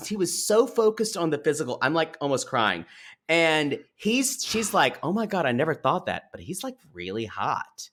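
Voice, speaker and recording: A man co-hosting a podcast, recapping a reality TV episode in gossipy, animated casual chat and speaking to listeners as y'all. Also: on the high side, moderate pace. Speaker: podcast co-host.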